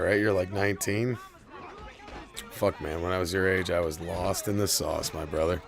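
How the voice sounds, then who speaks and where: Low, gravelly-voiced man streaming a game. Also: steady tone, normal speed. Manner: profane, rambling, heartfelt. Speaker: gaming streamer. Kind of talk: casual stream chat while gaming.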